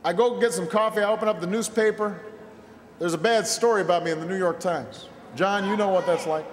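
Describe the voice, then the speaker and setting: At a packed rally venue, a political speaker with a high, brisk voice tells a story poking fun at himself, then whips the crowd up with shouted call-and-response. The PA sound echoes through a long hall, and a loud crowd cheers throughout.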